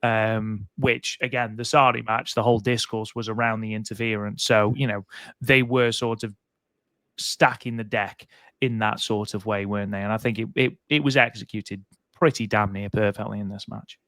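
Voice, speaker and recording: Low-voiced man, measured podcast talk. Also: fairly even intonation, a bit bright, no echo. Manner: measured, uses rhetorical tag questions. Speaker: podcast co-host. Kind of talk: casual podcast chat.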